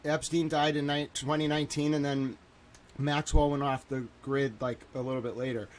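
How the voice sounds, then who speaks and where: A man's voice: on the high side, flat delivery, normal speed. A man in his thirties hosting a livestream, panicked and swearing, exclaiming and repeating himself as he talks to his viewers. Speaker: livestream host. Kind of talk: agitated livestream monologue.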